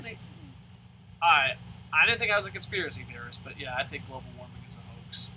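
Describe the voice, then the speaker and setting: Bright-voiced man ranting over a game. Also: medium pitch, lively intonation, a little fast, a little hiss or hum, poor audio. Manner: ranting, swears constantly, loud outbursts. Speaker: let's play host. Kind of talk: profane gaming commentary rant.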